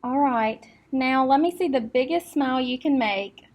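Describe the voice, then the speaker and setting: A woman acting as speech clinician, giving calm step-by-step test instructions with occasional fillers. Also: high voice, normal speed.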